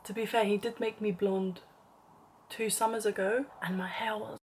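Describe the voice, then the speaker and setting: A woman's voice: mid-range voice, steady tone, moderate pace, slight background noise. A young woman telling a dramatic story in a casual vlog, chatty and full of "like", sometimes dropping to a whispered aside. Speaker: vlogger.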